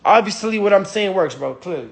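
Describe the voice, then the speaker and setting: A man's voice: animated, fairly quick, creaky, husky. A man in his twenties giving emphatic, repetitive motivational sales coaching, full of "bro" and "right?". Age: 20s. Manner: acts out a breathless pitch to a friend. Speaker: sales trainer.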